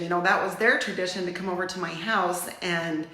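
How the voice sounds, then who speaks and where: A middle-aged woman from Utah hosting a casual livestream, chatting in a warm, rambling way and getting teary. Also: on the low side, normal speed, few pauses, roomy sound. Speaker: livestream host.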